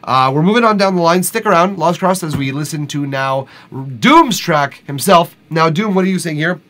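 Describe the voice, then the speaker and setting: A man's voice: fairly high pitch, animated, moderate pace, a bit bright. Blunt man streaming live. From Quebec, Canada. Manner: blunt, candid. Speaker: host reviewing listeners' music. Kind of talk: casual live-stream chat.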